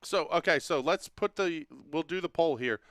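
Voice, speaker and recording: Guy on a home livestream chatting w comments, smooth clear voice, dry close sound. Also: on the high side, normal speed, fairly bright tone, no room sound. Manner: joking, drawling, talks to viewers by name. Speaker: livestream host. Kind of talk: casual livestream chat reading comments.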